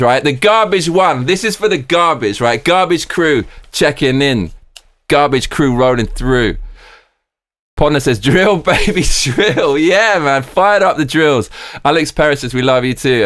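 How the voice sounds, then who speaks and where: A man hosting a live stream, excitedly reading viewer comments aloud and swearing freely. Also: medium pitch, measured pace, dry recording.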